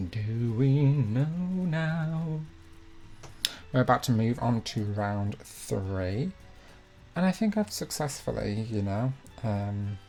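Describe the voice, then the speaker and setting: Hosting a live online quiz, a young man speaks with a lowish, somewhat dark voice. Each question gets read twice, and he fills the pauses with self-deprecating, chatty remarks.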